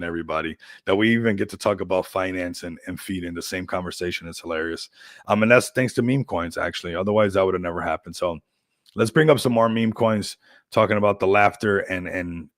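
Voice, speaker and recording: Man, crypto stream host, low voice, dry close sound, rambling hype chat. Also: dry recording. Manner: rambling, upbeat hype talk with frequent laughs. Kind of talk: casual livestream chat.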